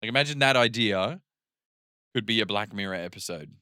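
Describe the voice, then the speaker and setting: A man's voice: lowish voice, expressive, a little fast, sharp tone, smooth, no echo, studio quality. A man co-hosting a podcast in casual chat, laid-back and often answering with short agreements. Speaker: podcast co-host.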